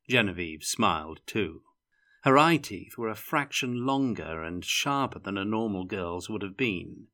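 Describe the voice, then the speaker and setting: Low bright-voiced male narrator. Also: unhurried. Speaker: audiobook reader. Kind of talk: scripted narration.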